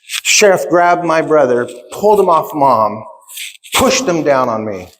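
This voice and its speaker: A man's voice: on the high side, expressive, measured pace, fairly bright tone. A man in his fifties, giving a keynote at a conference and telling his own story in an emphatic way, repeating key phrases. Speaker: keynote speaker. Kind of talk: motivational storytelling speech. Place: large conference hall. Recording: long reverb of a large hall.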